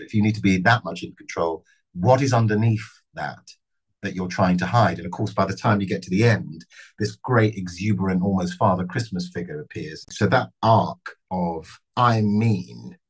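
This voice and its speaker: A middle-aged man, an actor, answering interview questions thoughtfully, with measured phrasing and frequent restarts. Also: sits low, breathy edge, low-quality recording.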